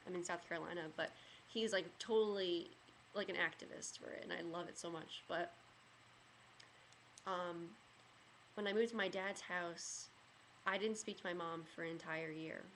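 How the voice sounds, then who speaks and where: A woman's voice: on the low side, fairly even intonation, normal speed, a bit bright, slight background noise. A young woman in a casual storytelling vlog, rambling with many fillers and getting emotional as she talks. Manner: rambling, heavy use of "like" and "you know"; emotional, gets choked up. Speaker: vlogger.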